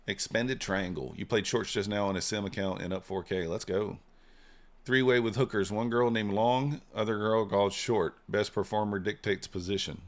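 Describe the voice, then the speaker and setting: His tone is steady and his voice low and deep as this man rambles casually on a live trading stream. Gaps get filled with "uh" and "you know," and many of his thoughts drift off on a drawn-out "so."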